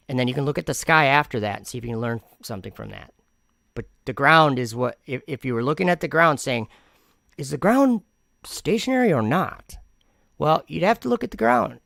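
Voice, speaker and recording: Argumentative man with a gravelly voice. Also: medium pitch, pushed and bright, dry recording, studio quality. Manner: argumentative and sarcastic; rambling with frequent restarts. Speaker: channel host. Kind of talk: commentary vlog reacting to comments.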